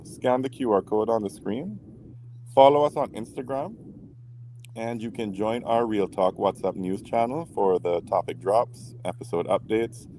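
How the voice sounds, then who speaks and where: A man's voice: on the low side, warm tone, slight background noise. A man co-hosting a late-night relationship talk show, playful and prone to stammering restarts, still getting over a cold. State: recovering from a cold. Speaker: podcast co-host.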